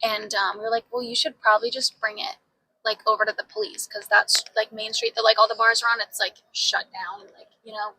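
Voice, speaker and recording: A young woman co-hosting a podcast tells a story in casual chat, her voice on the high side with a level tone and a brisk pace against a noisy background. She's a chatty storyteller who leans heavily on "like" and swears freely.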